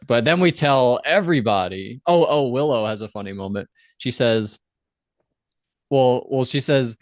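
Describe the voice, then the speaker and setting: A man in a casual podcast chat, blunt and quick to swear, jumping into playful voices when quoting scenes. His voice sits in a middle register, heard close and dry with no room sound. He recaps with loose, offhand energy. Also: mid-range voice, animated, no room sound. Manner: blunt, swears freely, acts out quotes in jumpy voices. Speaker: podcast co-host.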